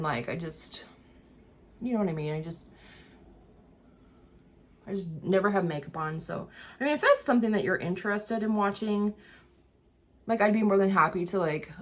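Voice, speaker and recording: A woman vlogger chatting casually as she gets ready, rambling with lots of fillers and struggling a little to enunciate words. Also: fairly low pitch. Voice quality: rambling, many fillers and restarts. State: having trouble enunciating. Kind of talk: casual chat while getting ready.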